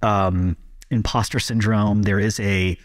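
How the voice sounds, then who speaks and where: A man's voice: lowish voice, fairly even intonation, a little slow. A man hosting a podcast, talking earnestly and reflectively with a guest, with some hesitations. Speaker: podcast host. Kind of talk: casual interview chat.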